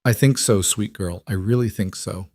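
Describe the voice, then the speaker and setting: A man voicing a tender, weary widowed mother in a western story, speaking softly. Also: fairly low pitch, normal speed, dry recording, studio quality.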